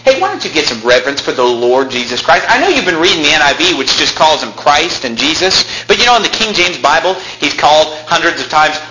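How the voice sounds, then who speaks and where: A male pastor preaching a combative sermon, with big swings in pitch and loudness that climb to shouts. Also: big pitch swings, a little fast, hardly any pauses. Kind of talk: fiery Baptist sermon. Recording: echoey room with faint noise.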